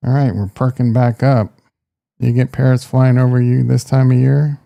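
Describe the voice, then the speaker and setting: Crude joking man, gravelly voice. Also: medium pitch, level tone, normal speed, no echo, dull audio. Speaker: host. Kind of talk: casual live-stream chat.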